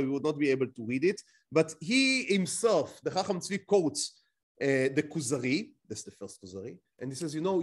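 Animated man teaching with rhetorical questions. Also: a little high. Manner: explains with rhetorical questions, frequent restarts. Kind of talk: lecture to a class.

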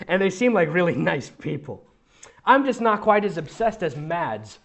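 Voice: mid-range voice, very animated, normal speed, vocal fry. A fanfic reader giving a mocking comedic reading, breaking off for sarcastic asides and frequent laughter.

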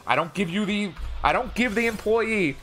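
An excitable young man streaming video games, with a bright, fairly high voice. His pitch swings widely, jumping into shouts when things go his way, and he swears freely. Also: moderate pace. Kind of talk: live gaming stream.

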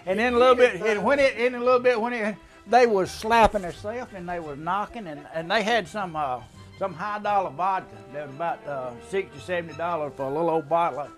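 A man's voice: sits high, a little fast, a bit bright, faint music behind. An older man telling a family story in a folksy, drawling way, chuckling often. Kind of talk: casual storytelling.

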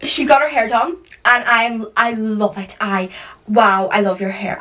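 A woman's voice: medium pitch, steady tone, unhurried, fairly bright tone, recorded from a distance. A young woman hosting a casual reaction video from a room at home, chatty and emotional as she gushes over what she watches. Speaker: reaction channel host. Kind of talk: casual reaction vlog chat. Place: room at home with skylight window.

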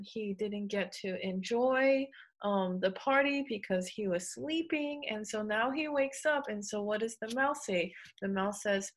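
A woman teacher talking children through a story, asking questions and explaining the next activity with plenty of "um" and "okay". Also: medium pitch. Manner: questioning, encouraging, with fillers. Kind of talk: online lesson for children.

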